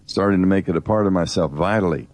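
A man's voice: deep voice, fast talker, darkish tone. A middle-aged man co-hosting a Bible teaching program, preaching earnestly and directly in a conversational way.

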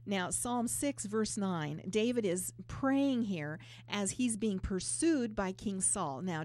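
A woman's voice: mid-range voice, darkish tone. A woman co-hosting a Bible talk, earnestly explaining scripture verse by verse. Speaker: Bible teacher co-host.

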